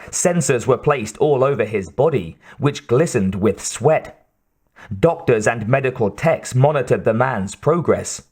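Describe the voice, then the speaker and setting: A man narrating an audiobook in a measured, steady way. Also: medium pitch, slightly rough. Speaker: audiobook reader.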